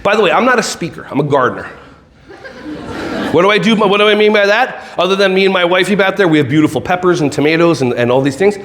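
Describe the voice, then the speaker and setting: A man giving a lively, joking keynote talk to a conference audience, drawing them in with questions and then guiding them through slow breathing. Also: high voice. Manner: animated, jokey, audience-involving; slow soothing breath-work guidance. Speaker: keynote speaker.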